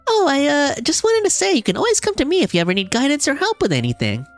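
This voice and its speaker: Woman doing a humble young leader: soft, high, earnest, eager to help. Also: very animated, fast talker, faint music behind.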